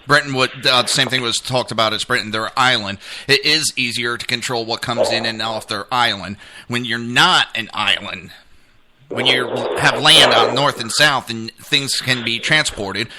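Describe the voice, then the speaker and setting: A man's voice: medium pitch, moderate pace, noisy background. A man co-hosting a casual political podcast, a rambling storyteller who laughs at his own jokes. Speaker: podcast co-host.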